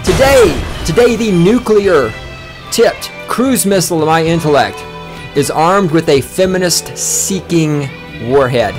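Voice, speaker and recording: A man hosting a podcast from a small studio, ranting loudly and boastfully with heavy swearing. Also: fairly high pitch, animated, measured pace, over music. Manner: loud, fired-up, profane and boastful. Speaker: podcast host. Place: small recording studio with a control room.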